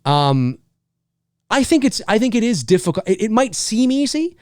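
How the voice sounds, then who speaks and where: A man's voice: sits high, normal speed, no room sound, studio quality. A middle-aged man hosting a casual live stream, reading viewer comments aloud and joking back at them. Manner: animated, reads chat aloud and jokes back.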